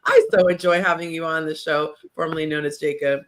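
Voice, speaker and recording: A woman's voice: deep voice, steady tone, fairly quick. A woman hosting a casual talk show, chatty and self-deprecating, laughing between thoughts. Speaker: podcast host. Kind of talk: casual chat.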